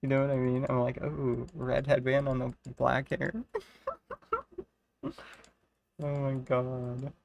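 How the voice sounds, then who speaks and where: Gravelly, excitable woman streamer. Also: a bass voice, slow pace, pauses often, slight background noise. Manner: excitable, swears and gushes freely. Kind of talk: live game stream chat.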